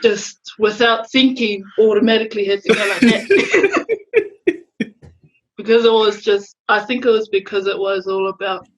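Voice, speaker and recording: A woman's voice: mid-range voice, moderate pace, low-quality recording. A young woman chatting casually with her brother and a friend, giggly and enthusiastic. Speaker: guest, host's sister. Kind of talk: casual chat with family.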